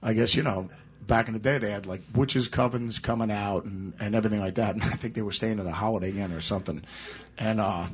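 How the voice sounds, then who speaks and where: Husky low-voiced guy in an interview, rambly stories, laughs a lot. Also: fairly even intonation, quick pace. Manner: rambling, laughs through his anecdotes. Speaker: guitarist guest. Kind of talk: casual storytelling interview.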